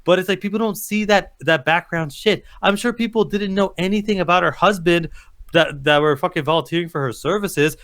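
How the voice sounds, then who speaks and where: A man's voice: high-pitched, brisk, a bit bright. A man co-hosting a casual podcast chat, ranting with lots of swearing and acting out what other people say. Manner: profane, ranting, acts out quoted people. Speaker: podcast co-host.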